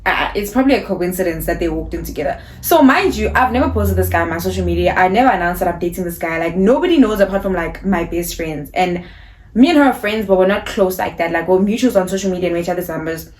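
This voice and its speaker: A young woman in her twenties with a South African accent, telling a personal story in a casual, animated, slangy way. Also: lowish voice, fast. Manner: animated, acts out dialogue, slangy. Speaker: YouTuber.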